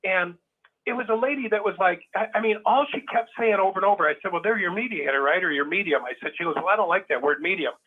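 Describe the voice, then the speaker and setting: A man's voice: high voice, fast talker. A man on a phone-in talking emphatically, repeating his points and acting out the people he quotes. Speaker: caller. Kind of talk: animated phone-in chat. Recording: tinny phone line.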